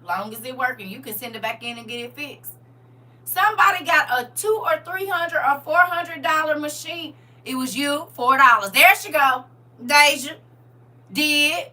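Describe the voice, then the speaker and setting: Bright-voiced woman chatting live with viewers. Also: sits high, recorded from a distance. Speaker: livestream host. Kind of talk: casual live chat with viewers.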